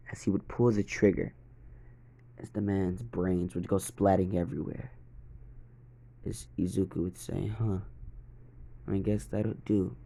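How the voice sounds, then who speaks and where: A man telling a fan fiction story in a very deep, gravelly voice. He narrates slowly and steadily, in a dark, monotone delivery.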